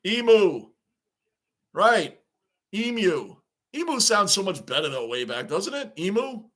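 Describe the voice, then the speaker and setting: A man's voice: sits high, sing-song, normal speed, bright, forceful tone. A man hosting a live stream, chatting casually as he reacts to a baseball game and reads viewer comments aloud, sounding like a frustrated fan.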